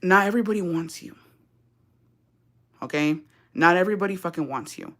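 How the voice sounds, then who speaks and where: A woman's voice: lowish voice, fairly quick, fairly bright tone. Profane ranting woman. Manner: profane, sarcastic, switching between English and Spanish. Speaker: live-stream vlogger. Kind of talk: heated rant on a livestream.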